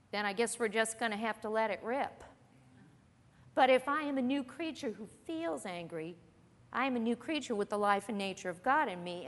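Earnest woman teaching a Bible lesson. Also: on the high side. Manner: earnest, conversational, with rhetorical questions. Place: church meeting room with an audience. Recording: long reverb of a hall.

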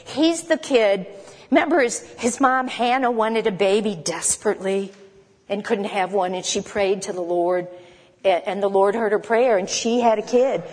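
A woman teaching a Bible lesson in a conversational, emphatic way, with quick asides to her listeners. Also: medium pitch, big-room sound.

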